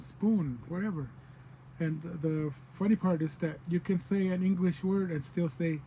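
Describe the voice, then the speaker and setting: A man teaches in an unhurried, casual way, saying example words over and over to make a point. His voice sits a bit high yet stays mellow and relaxed. A faint hiss of background noise runs under the recording. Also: rough recording. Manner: explains patiently, repeats example words. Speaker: language teacher. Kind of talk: casual spoken language lesson.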